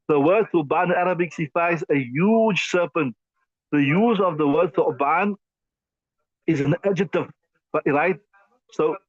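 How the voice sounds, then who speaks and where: A man's voice: on the high side, dry recording. Emphatic man teaching a Quran class. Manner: conversational, repetitive, emphatic with many fillers. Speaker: Islamic teacher. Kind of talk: tafsir class lecture. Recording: dull lo-fi dry sound.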